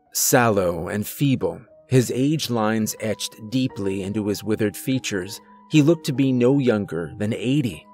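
Slow, low-voiced male horror narrator. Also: a little mellow. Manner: slow, measured storytelling. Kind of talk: scripted narration.

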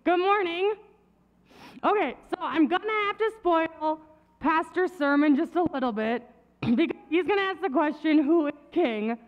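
A woman's voice: very high voice, normal speed, big-room sound, narrow, tinny audio. A woman giving a children's message in church, chatty and laughing at herself as she loses her voice. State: losing her voice.

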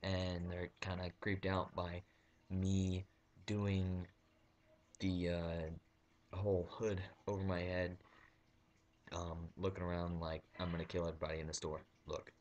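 A man's voice: low voice, level tone, measured pace, pauses often, darkish tone. A young man telling a comic story on his vlog, rambling with lots of fillers and restarts. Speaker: vlogger.

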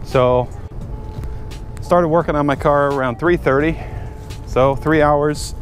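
A man's voice: on the high side, fairly even intonation, takes it slowly, soft background music. A man talking casually to viewers while working on his car and fishing at a lake, chatty and easily frustrated. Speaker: fishing vlogger. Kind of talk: casual vlog narration. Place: outdoors by a lake.

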